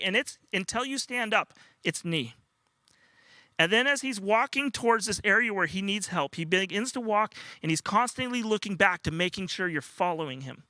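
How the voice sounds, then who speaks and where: A man's voice: high voice, animated, normal speed, pushed and bright, dry recording. An older man preaching a sermon as a pastor, telling stories earnestly and sometimes acting out a small child's cries. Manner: earnest storytelling, acts out a toddler's cries.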